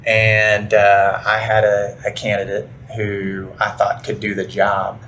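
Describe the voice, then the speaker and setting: A man's voice: on the low side, completely flat delivery, a bit bright, slight background noise. A man hosting a podcast interview, enthusiastic and affirming, chatting casually with his guest. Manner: enthusiastic, affirming, quick to agree. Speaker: podcast host and recruiter.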